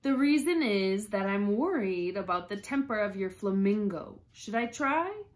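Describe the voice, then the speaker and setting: A woman voicing a preachy old duchess in a storybook read-aloud, moralizing in a slow sing-song. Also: medium pitch, expressive, close to an everyday voice.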